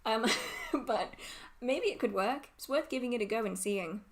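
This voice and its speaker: A woman with a fairly high voice hosts a casual livestream Q&A. She reads out viewer questions and answers them in a giggly, rambling way, and she is openly emotional as she talks. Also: animated, normal speed.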